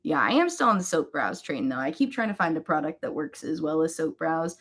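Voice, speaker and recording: A woman's voice: low-pitched, expressive, fairly quick, fairly bright tone, slightly rough. Young woman, beauty livestream host, chatty and rambling, casual. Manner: chatty, rambling, greets viewers by name. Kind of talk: casual chat while doing makeup.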